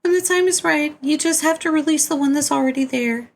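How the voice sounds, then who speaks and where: A woman's voice: high voice, brisk, creaky, pitched above the performer's own voice. A man voicing a chirpy young female guide in a sing-song manner, reading a webcomic aloud with voices. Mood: cheerful instructing.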